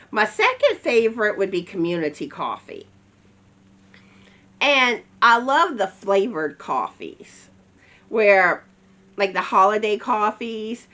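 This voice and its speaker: A woman hosting a knitting channel, chatting casually to camera, friendly and rambling with many fillers. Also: medium pitch. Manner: chatty, warm, uses "y'all", many fillers.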